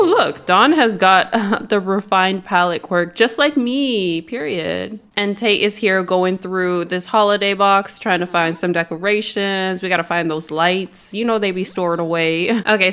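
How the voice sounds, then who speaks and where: A young woman talks through her game as she plays, loose and chatty, laughing often. She coos and cheers at the characters as if they can hear her, in a relaxed commentary voice. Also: mid-range voice. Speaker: let's play host. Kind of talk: casual gameplay commentary.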